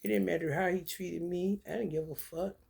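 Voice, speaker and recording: A woman's voice: lowish voice, fairly even intonation, a little fast, vocal fry, mellow, breathy edge. A woman, telling blunt, profane stories and reading tarot cards in a casual talk. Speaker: tarot reader.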